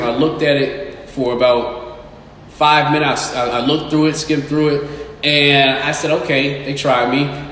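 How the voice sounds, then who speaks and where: A man's voice: on the high side, a bit bright. A man who is a real estate investor and agent, talking casually and bluntly to his followers, with emphatic, swearing delivery. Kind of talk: casual live-stream talk to followers. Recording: very echoey room with long reverb and faint noise.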